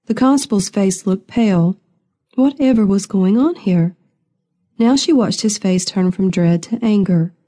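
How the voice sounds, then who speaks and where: A woman narrating a historical romance audiobook in an even, steady reading voice. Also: medium pitch, measured pace. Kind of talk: scripted narration.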